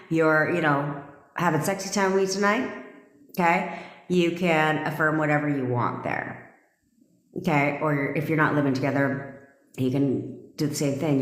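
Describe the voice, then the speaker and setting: Low-voiced bossy woman coaching live. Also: normal speed. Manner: bossy, blunt and profane, with frequent "okay?". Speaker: manifestation coach hosting a live stream. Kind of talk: live stream coaching, talking to viewers. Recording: roomy echo.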